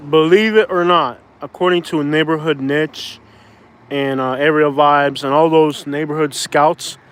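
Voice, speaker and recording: A man's voice: on the high side, steady tone, unhurried, clean tone. A young man from Florida rambling casually with constant "like"s, vlogging outdoors into a phone on a stabilizer. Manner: rambling, heavy use of "like", restarts. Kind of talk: casual walk-and-talk vlog. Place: outdoors on a street. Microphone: phone on a handheld stabilizer.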